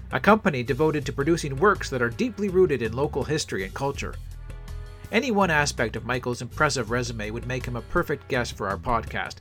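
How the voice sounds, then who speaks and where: A man's voice: mid-range voice, fairly bright tone. A man hosting a podcast, reading a playful intro, then asking questions in a hesitant, rambling way. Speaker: podcast host. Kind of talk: scripted podcast intro and interview.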